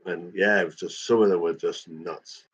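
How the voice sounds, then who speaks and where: A man chats casually with his viewers in a low voice, rambling and swearing freely as he goes. The recording is dull and lo-fi. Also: steady tone, moderate pace, slightly rough. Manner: rambling and sweary, with frequent fillers. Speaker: livestreamer chatting with viewers. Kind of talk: casual chat.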